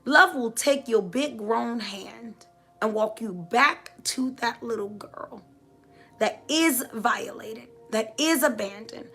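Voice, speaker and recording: A middle-aged woman speaks slowly in a high, bright voice with a gravelly edge, giving a heartfelt motivational talk to live viewers. She repeats her points with emphatic, preacher-like rhythm.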